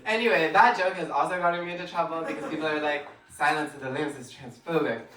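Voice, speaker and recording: Deadpan stand-up woman, echoey club. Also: low voice, fast talker. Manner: deadpan dark jokes, often laughing. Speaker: stand-up comedian. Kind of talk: stand-up comedy set. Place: comedy club stage. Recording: echoey club from far off, noisy.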